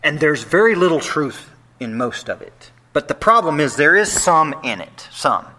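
A man preaching a sermon, moving between hushed, quiet lines and loud, animated bursts, with playful asides to the congregation. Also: a little high, normal speed. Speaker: pastor.

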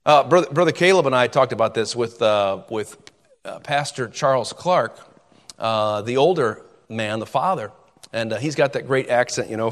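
A man's voice: medium pitch, moderate pace, big-room sound. A man preaching a sermon, emphatic and repeating words as he drives his points home.

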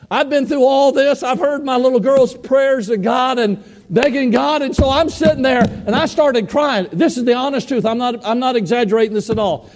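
A man's voice: extremely high pitch, a little mellow. A man preaching a sermon, telling a personal story in a folksy, heartfelt way with repeated words. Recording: long hall reverb.

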